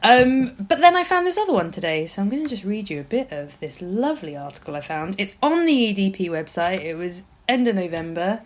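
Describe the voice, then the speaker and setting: A woman's voice: mid-range voice, big pitch swings, brisk, few pauses. A woman from East Norfolk with a mild Norfolk accent, co-hosting a casual podcast and reading out news with amused asides. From England, East Norfolk. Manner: chatty, many ums and restarts, reads aloud with amused asides. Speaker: podcast co-host. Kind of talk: casual chat.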